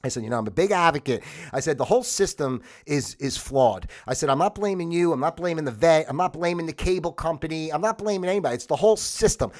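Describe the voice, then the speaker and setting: A man's voice: fairly high pitch, expressive, quick pace, hardly any pauses. A man hosting a livestream, talking in a rambling, conversational way and getting worked up and exasperated, with laughs between his points. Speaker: livestream host. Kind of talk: casual monologue. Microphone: livestream microphone.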